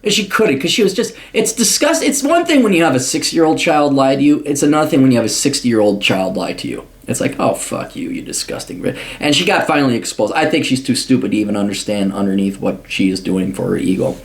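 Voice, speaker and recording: A man's voice: mid-range voice, animated, fast, vocal fry, hardly any pauses. Angry profane man ranting. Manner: angry, profane, blunt, many restarts. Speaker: vlogger answering viewer questions. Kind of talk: ranting commentary monologue.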